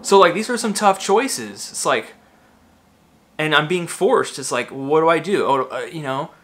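A man's voice: fairly high pitch, lively intonation, a little slow, a bit bright. A man in his thirties, ranting in a rambling, agitated monologue full of swearing and fillers. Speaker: vlogger.

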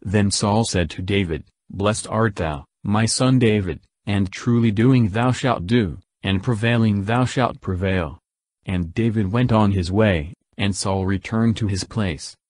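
A man reading scripture aloud in a steady, measured, verse-by-verse delivery. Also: on the low side, dry recording. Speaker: Bible reader.

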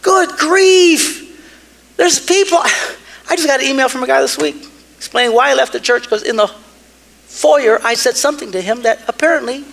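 Animated joking male pastor, high bright voice. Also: moderate pace, gravelly. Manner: animated, jokey, swinging from hushed to shouting. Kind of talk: sermon.

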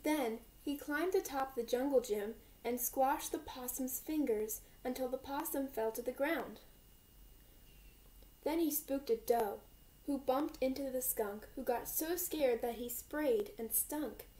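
A young woman, a volunteer reader, calmly reading a children's picture book aloud. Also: high voice, unhurried, poor audio.

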